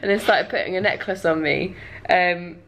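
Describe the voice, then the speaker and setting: A woman's voice: on the low side, normal speed, a bit bright. A young woman vlogger telling a travel story to camera in a chatty, casual way, laughing often and dropping dry asides.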